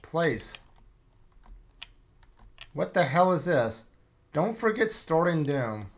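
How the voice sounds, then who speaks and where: Slightly high-voiced man reading game lore. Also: sing-song, slow. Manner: offhand asides between read passages. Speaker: game player and channel host. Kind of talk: casual playthrough with story reading.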